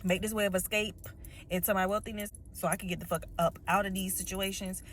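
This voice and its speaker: A woman's voice: medium pitch, a little hiss or hum. A woman from Miami with a Miami accent, ranting bluntly and with lots of swearing in a casual monologue. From Miami, Florida. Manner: blunt, profane, animated storytelling with drawn-out words. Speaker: vlogger.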